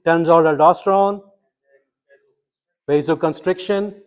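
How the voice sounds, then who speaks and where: A man's voice: a little high, steady tone, measured pace, clean tone. A middle-aged man teaching a medical school class, quizzing students and explaining step by step with emphatic energy. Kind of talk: interactive classroom lecture.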